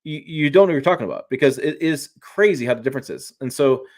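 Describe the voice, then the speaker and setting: A man's voice: mid-range voice, animated, quick pace, darkish tone. Rambling, enthusiastic man talking trucks. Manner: rambling, restarts often, enthusiastic. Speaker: guest truck reviewer. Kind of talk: casual livestream chat.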